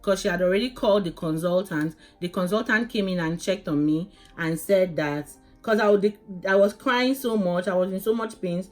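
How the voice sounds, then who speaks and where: A woman's voice: medium pitch, normal speed, hardly any pauses, soft background music. Woman animatedly retelling her birth story. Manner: animated, addresses viewers as guys, many restarts. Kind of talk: casual storytelling to camera.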